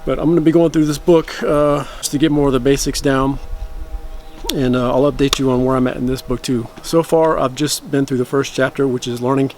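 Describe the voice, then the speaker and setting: A man's voice: medium pitch, little pitch movement, darkish tone, soft background music. A man chatting casually to camera about learning a language, explaining at length and correcting himself as he goes. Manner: rambling, self-correcting explanations; slow careful practice of phrases.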